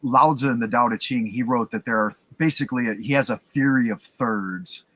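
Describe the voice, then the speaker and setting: A man's voice: medium pitch, a little fast, fairly bright tone. A man hosting a podcast, talking in an easygoing, opinionated way with jokes. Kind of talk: casual podcast conversation.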